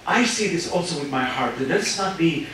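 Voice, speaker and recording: A man giving an impassioned religious lecture, full of rhetorical questions and sometimes rising to a shout. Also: on the high side, animated, moderate pace, a little hiss or hum. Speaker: speaker. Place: large hall at an Islamic centre. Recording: echoey hall, speaker far from mic.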